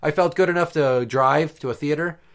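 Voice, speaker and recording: Chatting casually on a podcast he co-hosts, a man with a slightly high voice tells a story at a moderate pace. He swears heavily and tells it in an animated, profane way.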